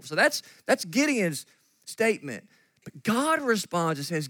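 A man preaching a sermon as pastor, animated and acting out the voices of the people in his story. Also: sits high, unhurried, no room sound. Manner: animated, acts out quoted voices of God and Gideon. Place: church sanctuary.

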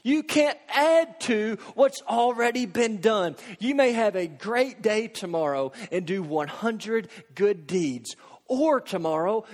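A man preaching a sermon, earnest, posing rhetorical questions and dropping into hushed intensity. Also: high-pitched. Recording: long hall reverb.

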